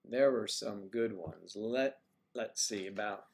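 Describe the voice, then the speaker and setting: A man's voice: lowish voice, takes it slowly, gravelly. An older man hosting a casual livestream, musing aloud and trading folksy sayings in a loose, rambling way. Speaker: livestream host.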